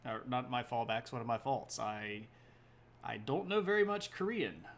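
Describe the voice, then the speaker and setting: A man's voice: medium pitch, moderate pace. A man hosting a history livestream in a rambling, self-correcting way, chatting with viewers between points. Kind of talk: casual livestream talk.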